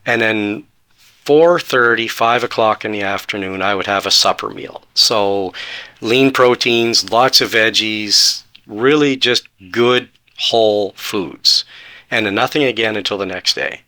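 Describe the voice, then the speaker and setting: A man in his forties tells his personal story as a podcast guest, voice sitting fairly low yet bright and forceful. He talks earnestly and plays out past conversations in quoted lines. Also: unhurried.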